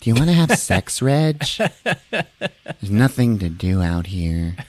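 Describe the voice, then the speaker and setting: A man voicing a crowd of crude, excited male villagers in a loud, high, jokey voice. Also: slow pace, no echo, full character voice.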